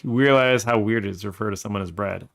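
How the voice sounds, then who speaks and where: A man's voice: on the low side, fast, creaky, a bit bright. A man streaming a game, chatting casually, laughing often and reading its dialogue aloud. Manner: reads all the game's characters aloud, laughs often, swears. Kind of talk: casual let's-play chat with read-aloud game dialogue. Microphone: desk microphone.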